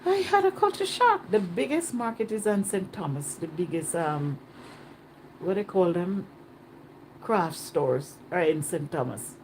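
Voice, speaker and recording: A woman chatting casually in a travel vlog, animated and repeating herself for emphasis, recorded on a phone outdoors. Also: lowish voice, a little slow, slight background noise. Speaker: travel vlogger. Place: outdoors on a Caribbean island.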